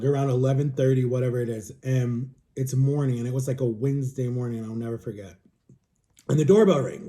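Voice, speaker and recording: Chatty young man with a mellow voice. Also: medium pitch. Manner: rambling, frequent "like", quotes others in dialogue. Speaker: vlogger. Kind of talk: casual storytelling. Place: home.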